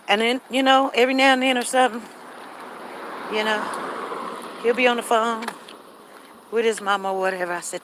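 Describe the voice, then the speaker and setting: A woman's voice: fairly low pitch, fairly bright tone, slight background noise. Candid woman chatting on a walk. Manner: candid, repetitive, reads chat comments aloud. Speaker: live stream host. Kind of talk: casual chat while walking. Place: outdoors in a residential neighborhood.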